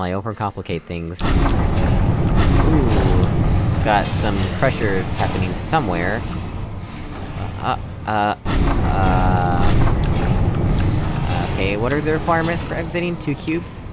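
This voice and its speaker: A man's voice: lowish voice, lively intonation, unhurried, heavy background noise. A young man from Texas casually commenting as he plays a puzzle game, thinking aloud and poking fun at himself. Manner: musing aloud, self-deprecating, chuckling. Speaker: gamer playing a puzzle game. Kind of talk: casual let's-play commentary.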